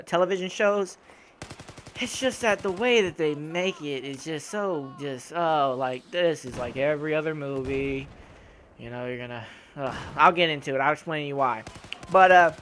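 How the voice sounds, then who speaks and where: Young gamer guy ranting over gameplay, kinda high voice, swears a ton, gets all worked up. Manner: profane, animated ranting with laughs. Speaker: gaming YouTuber. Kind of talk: casual rant over gameplay.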